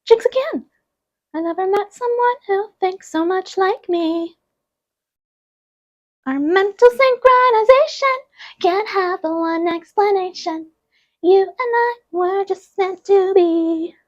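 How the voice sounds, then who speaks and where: A woman's voice: very high voice, slow pace, dull audio, pitched above the performer's own voice. A woman putting on a voice for an eager young cartoon princess, gushing in a sing-song way.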